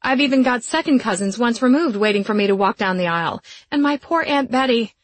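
A woman's voice: lively intonation, a little fast, dry recording. A woman voicing a furious jilted young bride who snarls and shrieks insults at her ex-fiancé. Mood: enraged. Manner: shrill and snarling.

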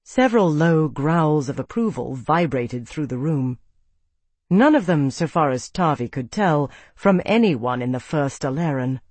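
A man narrating a fantasy audiobook in a steady storytelling manner. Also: a little high, unhurried, no echo. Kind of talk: scripted narration.

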